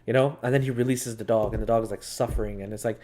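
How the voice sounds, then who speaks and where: A man's voice: lowish voice, steady tone, fast talker, warm tone. A man chatting casually over a game, laughing often and swearing as he rambles through stories. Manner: profane, laughing, rambling storyteller. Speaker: gaming channel co-host. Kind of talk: casual chat over gameplay.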